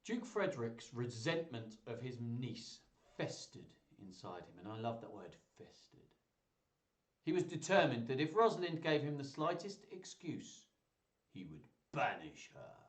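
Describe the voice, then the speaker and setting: A man's voice: mid-range voice, lively intonation, moderate pace. A man hosting a live stream, reading a children's story aloud with playful, chatty asides to his viewers. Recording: roomy echo.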